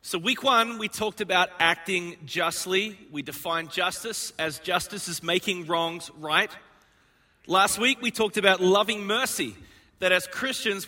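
A man, preaching a sermon to his congregation in an energetic, joking way. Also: sits high. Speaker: pastor. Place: church auditorium.

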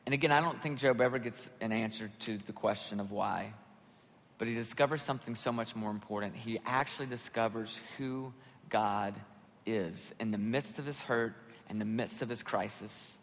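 A middle-aged man preaching a sermon as pastor, in a conversational, animated way, acting out voices when he quotes people. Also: on the low side, moderate pace. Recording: long hall reverb.

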